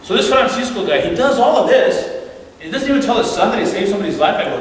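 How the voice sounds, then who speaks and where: A man giving an animated storytelling talk as a guest speaker at a church, acting out the voices in his stories. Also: high voice, quick pace, slight background noise. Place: church hall. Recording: echoey hall from far off, faint ambience.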